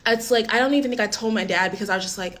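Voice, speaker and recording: A woman's voice: a little high, very fast, a bit bright. A young woman telling a personal story in a casual, candid way, with frequent swearing and filler words.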